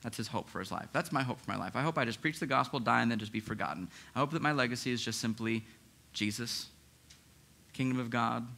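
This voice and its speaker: A man preaching a sermon as pastor, in a lively, conversational way with frequent restarts. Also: mid-range voice, fast talker, vocal fry. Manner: acts out listeners' inner objections.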